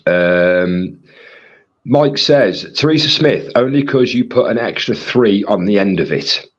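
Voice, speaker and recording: As co-host of a live stream, a man with a husky, fairly low voice reads out chat comments in a rambling, casual way. He speaks a little slowly with lively intonation, and the sound is dull and lo-fi.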